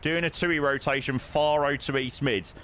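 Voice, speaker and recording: A man's voice: on the high side, fairly even intonation, moderate pace, a bit bright, a little hiss or hum. A young man casually chatting with his live-stream viewers while flying a sim, matey and greeting people by name.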